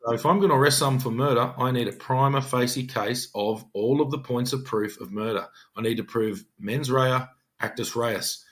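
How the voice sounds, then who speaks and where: Man, Australian accent, middle-aged, detective sergeant, earnest, emphatic podcast storytelling, mid pitch. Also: normal speed, hardly any pauses, fairly bright tone. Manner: earnest, emphatic, acts out his own quoted speech.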